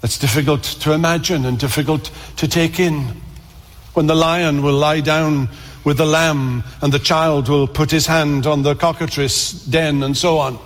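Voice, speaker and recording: Earnest male pastor, raised pitch, mid-sermon in a reverberant church. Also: steady tone, a little slow. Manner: earnest, builds emphasis through repeated phrases. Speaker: preacher.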